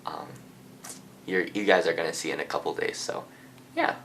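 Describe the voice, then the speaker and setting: A man's voice: deep voice, normal speed, creaky. A teenage man from Japan telling a personal story in a rambling, casual way indoors, full of fillers and restarts. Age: teens. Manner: rambling, lots of filler and restarts, soft-spoken. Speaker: vlogger.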